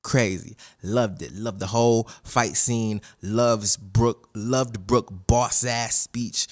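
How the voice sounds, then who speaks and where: Profane excitable male anime reviewer. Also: lowish voice, slow pace, hardly any pauses. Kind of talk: casual episode recap.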